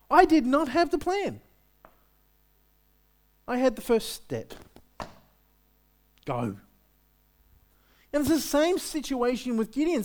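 A pastor preaches to his congregation in a conversational way, throwing out rhetorical questions. His pitch swings freely up and down and stays lively throughout. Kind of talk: sermon.

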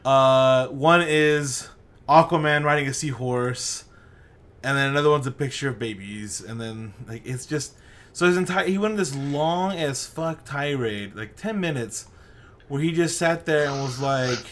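A man's voice: medium pitch, unhurried, fairly bright tone. A man in casual chat, telling a story with lots of swearing and mimicked voices.

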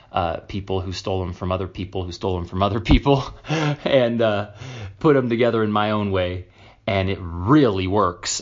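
Brief: low-pitched man, confessional podcast host, dull lo-fi sound. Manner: candid, confessional, rambling, emphatic. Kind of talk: casual solo podcast monologue.

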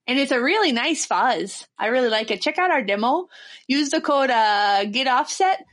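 A woman's voice: high-pitched, animated, moderate pace, a bit bright. A woman voicing a chirpy ad reader with an exaggerated Minnesota accent, in a rambling sing-song way.

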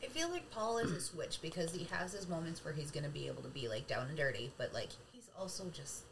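A woman's voice: deep voice, very animated, fast talker, vocal fry. A woman co-hosting a podcast, giving playful opinions in casual chat. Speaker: podcast co-host. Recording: noisy background.

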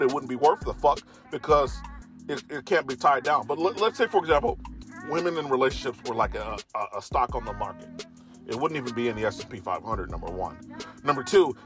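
A young man giving a profane, emphatic ranting monologue, his voice jumping up in pitch when he gets worked up. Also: fairly bright tone. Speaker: commentator.

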